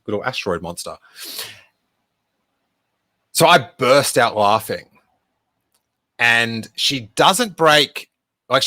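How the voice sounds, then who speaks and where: Bright-voiced man telling a story. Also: fairly low pitch. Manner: chatty, rambling anecdote with many "like" fillers. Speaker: podcast host. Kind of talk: live stream Q&A storytelling.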